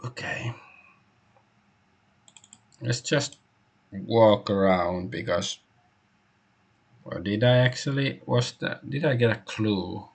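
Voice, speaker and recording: A man's voice: lowish voice, takes it slowly, gravelly, long pauses. A man streaming an old adventure game, musing aloud in hesitant, rambling casual commentary.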